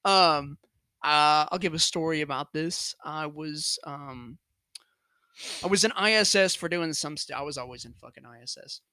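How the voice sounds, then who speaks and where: A man with a bright, slightly high voice tells a rambling story to his friends in a casual chat. He swears freely and laughs through his memories, close and dry on the mic. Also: moderate pace, clean tone, no echo. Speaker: podcast co-host telling a story.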